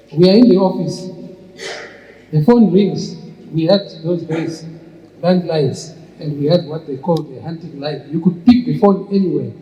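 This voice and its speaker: Fairly high-pitched and warm, an older man's voice fills a storytelling talk as he, an entrepreneur and speaker, recounts long anecdotes to an audience with frequent restarts. The recording is muffled and echoes like a hall.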